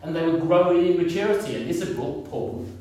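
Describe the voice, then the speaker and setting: A man's voice: on the high side, expressive, quick pace, dark tone. Man in his fifties preaching in an echoey hall. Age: 50s. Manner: conversational, repeats himself, asks the congregation questions. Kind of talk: sermon. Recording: echoey room, picked up from a distance.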